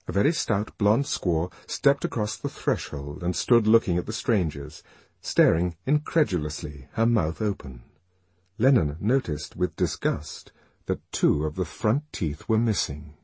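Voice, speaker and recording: A man reads a novel aloud in a husky, rough-edged voice that sits a little low. His pitch moves expressively with the story, and the sound is dry and close. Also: no room sound. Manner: expressive reading that shifts voice for characters. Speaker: narrator. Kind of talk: scripted audiobook narration.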